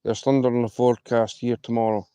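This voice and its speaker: A man's voice: medium pitch, level tone, fast, warm tone, smooth, dry recording. A man from Scotland chatting casually to live-stream viewers while fishing outdoors by the water, rambling and friendly. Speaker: fishing livestreamer.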